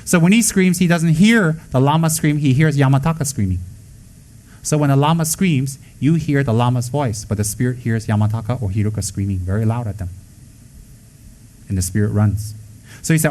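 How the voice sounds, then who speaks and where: A man's voice: mid-range voice, fairly quick, a little mellow. A man teaching as a Buddhist lama in an informal talk, emphatic and blunt, mixing jokes with rhetorical questions.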